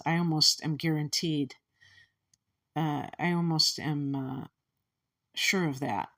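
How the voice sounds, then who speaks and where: A woman from the Chicago area with a Chicago accent, giving a casual astrology commentary in a meandering, musing way that often restarts thoughts. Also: low voice. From Chicago area, USA.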